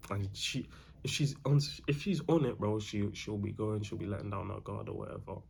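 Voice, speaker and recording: Young guy, low-pitched, casual slangy advice host, faint room hiss behind. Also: brisk, gravelly, a little mellow. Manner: slangy, repeats himself, calls the viewer bro.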